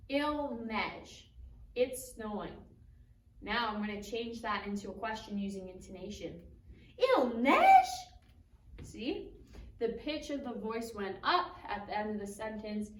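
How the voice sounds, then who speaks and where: A woman teaching a French lesson at a whiteboard in a classroom, speaking slowly and deliberately and lifting her pitch sharply on example questions. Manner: slow, deliberate, with exaggerated rising question pitch. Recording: echoey room, recorded from a distance.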